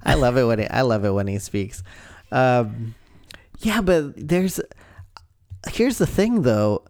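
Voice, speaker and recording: A man talking casually on a podcast, his voice smooth and resonant. The sound is dry and close. He gets animated and laughs often as he makes his points. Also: medium pitch, slow pace, dry recording. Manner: animated, laughs often, jumps into a put-on Australian voice. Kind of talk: casual chat.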